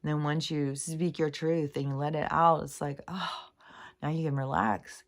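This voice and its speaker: A woman's voice: sits low, flat delivery, normal speed. A middle-aged woman talking through a meandering spiritual monologue, earnest and casual, with swearing and many fillers. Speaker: spiritual vlogger.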